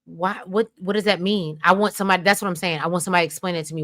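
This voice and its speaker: An American woman chatting casually as a co-host, her voice bright and forward. She tells stories in an animated, rambling way, full of asides and sudden emphasis. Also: on the low side, rapid-fire. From United States. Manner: animated, rambling, expressive storytelling. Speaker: podcast co-host. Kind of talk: casual recap chat.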